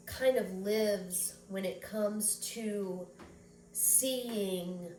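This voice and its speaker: Woman vlogger, slow, rambling and teary; roomy, distant recording with faint background noise. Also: mid-range voice. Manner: rambling, emotional, close to tears. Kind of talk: personal vlog monologue.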